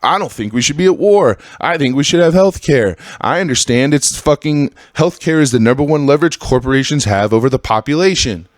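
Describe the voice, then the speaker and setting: A man's voice: no echo, studio quality. Profane ranting man in his thirties. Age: 30s. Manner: profane, ranting, swings into high exasperated bursts. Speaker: podcast host. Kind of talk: solo podcast rant.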